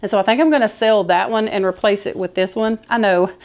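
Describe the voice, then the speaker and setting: A woman's voice: mid-range voice, steady tone, fast. A woman, chatting enthusiastically to camera as she shows off her thrift haul. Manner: chatty, enthusiastic, says y'all. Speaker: thrift vlogger showing a haul. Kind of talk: casual haul chat to camera.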